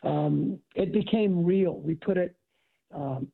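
Gravelly high-voiced man on a tinny line. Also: slow pace. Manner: animated storyteller acting out quotes. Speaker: guest, author and former football coach. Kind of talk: casual storytelling conversation. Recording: tinny phone-like audio.

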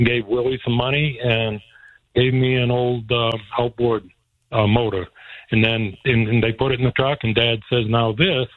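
A man recounts a childhood story, chuckling as he goes and growing emotional. The sound is thin and tinny, like a phone call. There is no room echo at all. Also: mid-range voice. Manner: warm, laughs often while telling, gets emotional. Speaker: guest telling a life story. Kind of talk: casual storytelling. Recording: dry, phone-like line.

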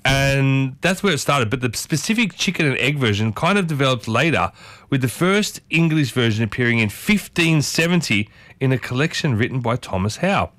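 A man hosts a morning radio show in a loose, chatty way, circling back and restarting his thoughts. His voice sits at an ordinary middle pitch for a man. The studio sound is close and dry, with no room around it. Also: animated, moderate pace, fairly bright tone, no room sound. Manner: chatty, rambling with restarts, playful asides. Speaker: radio host. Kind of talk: casual morning radio chat. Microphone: studio microphone.

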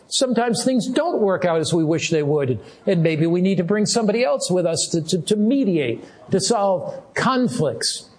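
An older man preaching a sermon as a pastor, earnest, with slow, drawn-out emphasis on key words. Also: high voice.

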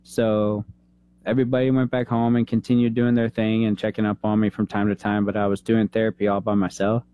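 A man in his thirties, a veteran, telling an emotional personal story in an interview, earnest and halting, holding back tears. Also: on the low side, flat delivery, highs cut off, slight background noise. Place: San Antonio, Texas.

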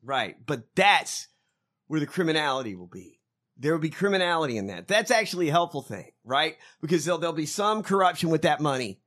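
Male co-host, casual profane banter, bright tone, swoops around a lot in pitch. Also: a little fast. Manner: animated, profane, laughs often. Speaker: podcast co-host. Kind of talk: casual political chat.

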